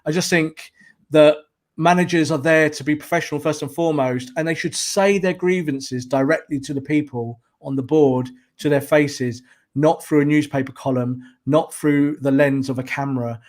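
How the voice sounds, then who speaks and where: A man, a football journalist guest on a podcast, talking in an animated, emphatic way and repeating words to press his points. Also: fairly high pitch, normal speed. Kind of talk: casual podcast chat.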